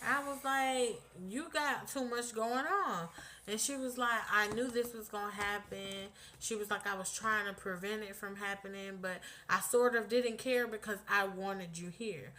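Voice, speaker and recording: A woman's voice: a little high, moderate pace, slight background noise. A young woman casually telling a personal story on her vlog, blunt and profane, acting out what people said. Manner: animated, blunt, profanity-laced retelling with acted-out quotes.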